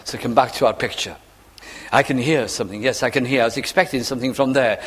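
A man's voice: mid-range voice, quick pace, fairly bright tone, breathy edge, long reverb tail. A man preaching a sermon, earnest, acting out quotes and drawing out key phrases.

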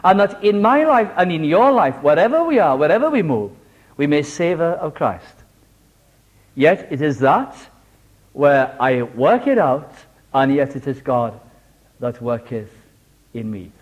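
A Welsh man preaching a sermon, animated and homely, telling a simple story with small jokes. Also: on the high side, measured pace, long pauses, lo-fi sound. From Wales.

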